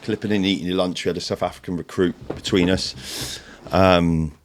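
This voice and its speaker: A man's voice: low voice, slight background noise. A man, a former Royal Marine, telling sweary war and adventure stories in casual podcast chat. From United Kingdom. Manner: fast, sweary, animated storytelling in military slang.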